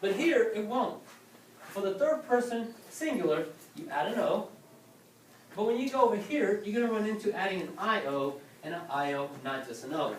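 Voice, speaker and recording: A man's voice: high voice, animated, normal speed, distant mic, a little hiss or hum. A man teaching a class, lecturing and often asking questions and checking with "okay?". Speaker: Spanish teacher. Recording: roomy classroom from afar.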